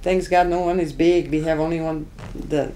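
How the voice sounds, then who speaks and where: A woman from Bosnia with a Bosnian accent, speaking broken English as she recounts her past in an oral history interview, telling it in a lively way. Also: sits low, normal speed, a little hiss or hum. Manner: broken English, lively storytelling that acts out dialogue.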